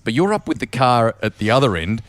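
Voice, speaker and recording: A man's voice: medium pitch, very animated, brisk, dry recording. A man hosting a podcast, prompting his guest's stories with eager interjections and a friendly "mate". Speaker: podcast host. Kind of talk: casual interview.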